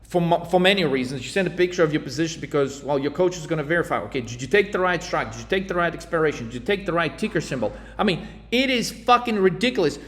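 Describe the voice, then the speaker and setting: A man's voice: on the high side, lively intonation, fast, a bit bright. A man coaching traders in a blunt, heated, profane rant. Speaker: trading coach. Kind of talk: ranting monologue. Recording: echoey reverberant room.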